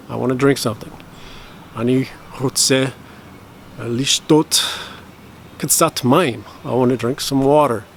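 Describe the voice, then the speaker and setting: Regular guy talking through his language study, middle pitch, faint background hum. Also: creaky. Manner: rambling, self-correcting explanations; slow careful practice of phrases. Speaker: language-learning vlogger. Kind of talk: casual talk to camera.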